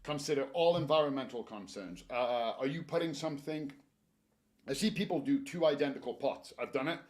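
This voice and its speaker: A man's voice: mid-range voice, brisk. A man who works at a garden store giving casual, joking gardening advice. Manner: chatty, joking, animated advice. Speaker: garden center staff presenter.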